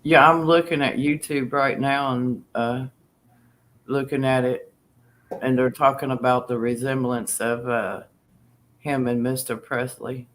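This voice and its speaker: A man with a mid-pitched voice chatting casually on a live stream. He sounds relaxed and pauses with fillers as he talks. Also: low-quality recording. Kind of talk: casual chat.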